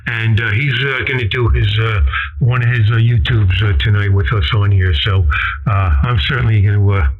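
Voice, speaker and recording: A man's voice: lowish voice, fairly even intonation, moderate pace, narrow, tinny audio. A man chatting cheerfully and at length as an amateur radio operator, heard through a radio transmission. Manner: rambling, cheerful. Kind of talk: casual ham radio chat.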